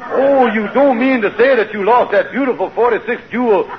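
A man playing a scheming, smooth-talking con man in a 1940s radio sitcom, wheedling and flowery with grammar slips. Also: very high voice, moderate pace, dull audio. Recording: hissy old radio recording.

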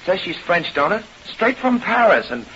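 Brash vaudeville hoofer, slangy, blustering, bright lively voice, dull old radio sound. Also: male voice, high voice, moderate pace, slight background noise. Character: brash young male vaudeville dancer. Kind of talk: 1930s radio acting.

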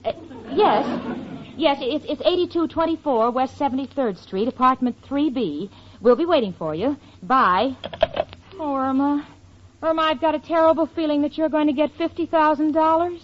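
An actress playing a level-headed, patient young roommate in a 1940s radio sitcom. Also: female voice, high-pitched, moderate pace, slight background noise, natural voice. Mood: phone call. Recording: dull old radio broadcast recording.

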